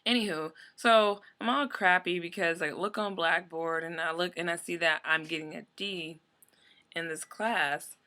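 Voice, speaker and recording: A woman's voice: lowish voice, moderate pace, sharp tone. A young adult woman ranting in a casual vlog, telling a story in a rambling, exasperated way with lots of fillers. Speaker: vlogger.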